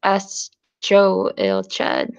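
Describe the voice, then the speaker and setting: A woman's voice: medium pitch, monotone, drawn-out words, creaky, dull audio. A woman learning pronunciation who repeats words hesitantly and giggles at her own slips. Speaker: language student.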